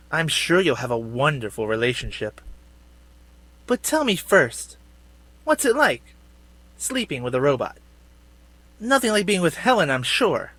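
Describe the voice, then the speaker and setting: Smug game rival, cold and taunting, kinda high, super dry. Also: male voice, a bit bright, dry recording, full character voice. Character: smug scheming young man stealing a friend's girlfriend. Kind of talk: video game voice acting.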